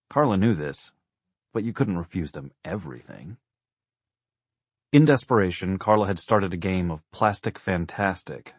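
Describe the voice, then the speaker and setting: A man reading a novel aloud as an audiobook narrator, in a measured, wry storytelling manner. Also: low-pitched, no room sound. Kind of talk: scripted narration.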